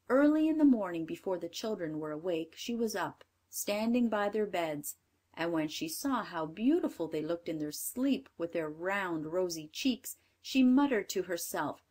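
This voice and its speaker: Expressive woman reading a fairy tale. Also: medium pitch, moderate pace, husky. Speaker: narrator. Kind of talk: storybook read-aloud narration.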